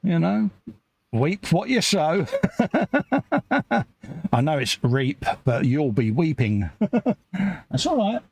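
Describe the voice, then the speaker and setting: A man's voice: fairly high pitch, big pitch swings, takes it slowly, creaky, pauses often, a little mellow. A man chatting casually and joking with his co-host while talking through each step of building a model kit.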